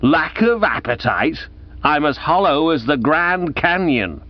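A man voicing a famished, irritable young gentleman who snaps in rasping, exasperated bursts. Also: a little high, very animated, measured pace, no room sound, voice pushed up. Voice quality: rasping bark. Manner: testy, exasperated outbursts. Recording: dull lo-fi audiobook recording.

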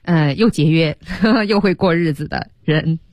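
A woman's voice: deep voice, measured pace, a little mellow, no room sound. A woman hosting a bilingual radio English lesson, explaining with animation and mixing English words into her talk. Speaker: radio English teacher, host. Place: radio studio.

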